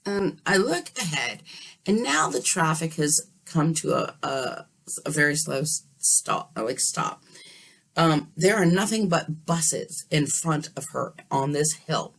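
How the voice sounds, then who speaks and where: A woman telling a story in a casual, animated way, often checking in with her listener. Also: sits low, takes it slowly. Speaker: dream vlogger.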